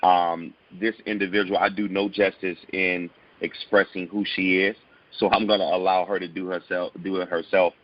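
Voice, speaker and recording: A man's voice: low-pitched, little pitch movement, moderate pace, highs cut off. A man hosting an interview show, welcoming and upbeat, sometimes stumbling and repeating his words. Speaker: host.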